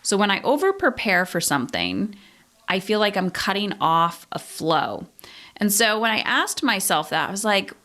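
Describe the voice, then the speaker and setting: A woman's voice: mid-range voice, big pitch swings, moderate pace, bright, forceful tone. A woman in her thirties hosting a solo podcast, talking through her feelings in a candid, introspective way and swearing casually. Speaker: podcast host. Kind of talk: reflective solo podcast talk.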